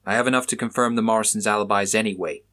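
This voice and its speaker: A man voicing a determined male police officer who speaks in brisk, clipped lines. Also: on the low side, fairly even intonation, pushed and bright.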